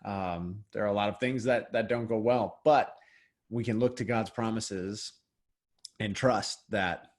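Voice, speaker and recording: Church podcast cohost, man with lowish voice, halting and reflective. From United States. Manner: hesitant, many restarts and fillers. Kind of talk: casual faith discussion.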